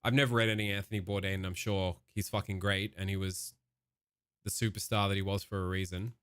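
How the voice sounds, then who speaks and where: A man rants casually and profanely while reacting to a video. His voice sits fairly low, and the sound is dry and close. He talks in loose, animated bursts. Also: fast talker, clean tone, no echo.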